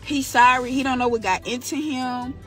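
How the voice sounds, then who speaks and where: A woman's voice: sits high, normal speed, soft background music. A young woman from Mississippi telling a personal story in a candid, slangy, casual storytime, acting out the dialogue. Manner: candid, slangy, animated retelling with quoted dialogue.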